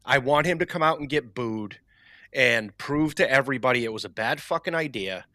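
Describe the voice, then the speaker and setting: A man's voice: mid-range voice, animated, fairly quick, sharp tone, no echo, studio quality. A man co-hosting a podcast, scornful and sweary in casual banter. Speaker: podcast co-host.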